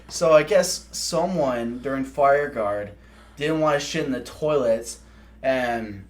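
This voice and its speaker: A young man co-hosting a podcast, telling animated, profanity-laced stories in casual chat. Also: medium pitch, takes it slowly. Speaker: podcast co-host.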